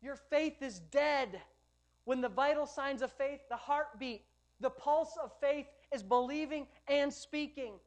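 A woman's voice: high voice, a little slow. A woman pastor preaching a sermon, rhythmic and emphatic, with lighthearted asides to the congregation.

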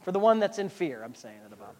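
A woman pastor preaching a sermon with a sarcastic, animated delivery. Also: lowish voice, fast talker.

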